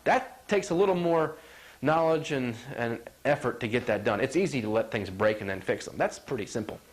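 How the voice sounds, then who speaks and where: A man's voice: medium pitch, fairly quick. A middle-aged man, a chiropractor, giving a folksy health talk and acting out quotes as he goes. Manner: animated, acts out quotes, asks "you follow?".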